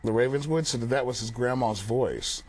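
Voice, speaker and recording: A man's voice: mid-range voice, moderate pace. A young man who is a paranormal investigator, speaking as a guest in a casual TV interview, plain-spoken and full of fillers like "um" and "like". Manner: relaxed, plain-spoken, uses many fillers like "um" and "like". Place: TV studio.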